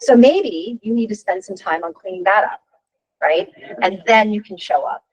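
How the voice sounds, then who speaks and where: A woman's voice: medium pitch, normal speed, husky, rough recording. A woman in her fifties coaching a workshop, talking frankly and chattily and often tossing in a rhetorical "right?". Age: 50s. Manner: frank and animated. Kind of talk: workshop talk.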